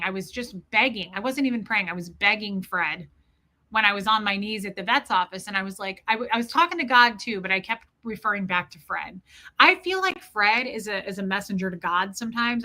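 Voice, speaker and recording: A woman's voice: mid-range voice, brisk, pushed and bright. A woman hosting a live stream, telling a personal story in an earnest, casual way and greeting viewers by name.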